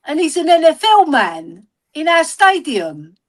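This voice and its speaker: A woman, her voice sitting high for a woman. She talks casually on a livestream and spins a long anecdote, checking in with "right?" all the time. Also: big pitch swings, unhurried. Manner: storytelling, repeats "right?" often.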